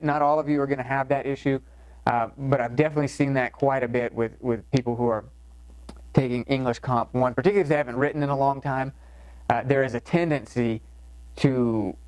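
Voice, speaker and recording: A man's voice: medium pitch, darkish tone, no echo, low-quality recording. A man teaching a recorded college writing lecture in a loose, conversational way, with frequent fillers and restarts. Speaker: course instructor.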